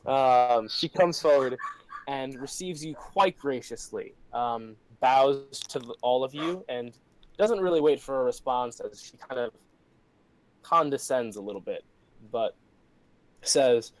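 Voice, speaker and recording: A man's voice: medium pitch, measured pace, rough recording. A man narrating as game master in an online tabletop game, casual and hesitant with many fillers, over a computer mic.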